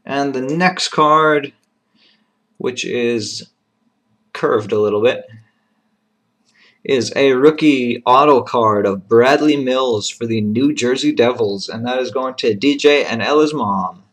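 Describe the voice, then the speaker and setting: Man calmly announcing card pulls. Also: mid-range voice, slow pace. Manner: steady, methodical announcing of each card and serial number. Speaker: card box break host. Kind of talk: live card-opening commentary.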